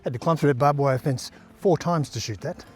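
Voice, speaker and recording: A man's voice: on the high side, brisk, soft background music. An Australian man vlogging casually on a riverside trail, chatting in an easygoing, rambling way with lots of fillers while he walks. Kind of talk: casual outdoor vlog chat.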